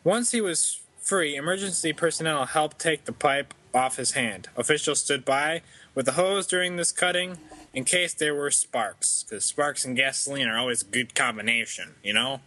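A man's voice: medium pitch, moderate pace, sharp tone. A young man co-hosting a casual podcast, reading odd news stories aloud and giggling and stumbling over the words. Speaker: podcast co-host.

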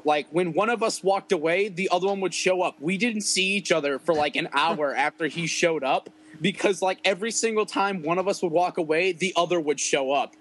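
A man's voice: on the high side, a bit bright, low-quality recording. A young man telling stories in casual, profane chat, rambling and laughing often. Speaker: podcast guest musician.

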